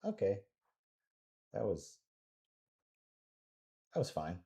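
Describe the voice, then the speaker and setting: A man's voice: on the low side, wildly swooping pitch, extremely slow, gravelly, mellow. A man giving casual live commentary on a pool match, rambling and joking as he thinks aloud about the shots.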